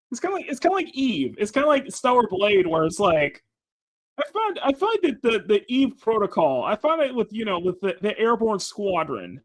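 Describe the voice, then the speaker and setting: Male stream host, loose rambling chat while drawing, slightly high and very animated, dry sound. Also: normal speed, long pauses, dry recording. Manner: rambling, restarts phrases, laughs often. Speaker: livestream host.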